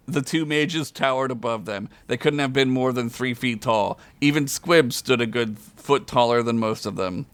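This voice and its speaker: On a podcast, a man reads a comedic fantasy story aloud, chuckling often and putting on loud, high character voices. He speaks at a normal speed with few pauses, and the recording is dry.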